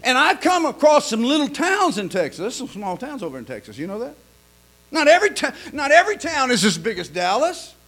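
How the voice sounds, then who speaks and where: A man preaching in a folksy, joke-telling sermon style, stammering and repeating himself, swinging from quiet asides to loud punchlines. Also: very high-pitched, huge pitch swings, brisk. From lives in Oklahoma.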